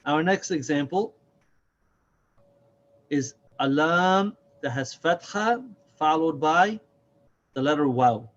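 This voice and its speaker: A man teaching a Quran reading lesson, speaking slowly and deliberately, repeating and stretching sounds to demonstrate them. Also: a little high, animated, dull audio. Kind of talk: slow, patient recorded lesson.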